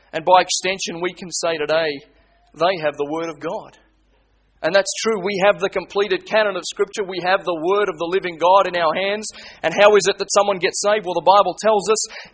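A man preaching a sermon, swinging between hushed pleading and loud, urgent appeals. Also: sits high. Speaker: pastor.

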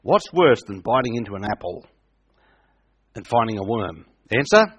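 A man's voice: on the low side, sing-song, normal speed, a bit bright, breathy edge. A middle-aged man preaching a sermon. He hammers his points home by repeating them and keeps asking his listeners questions. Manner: emphatic, repeats points, asks the audience questions.

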